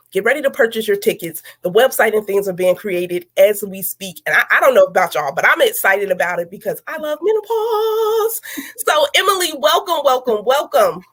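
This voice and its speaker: A woman's voice: mid-range voice, slightly rough. A woman, hosting a talk show, emphatic and encouraging, repeating her phrases. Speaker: host.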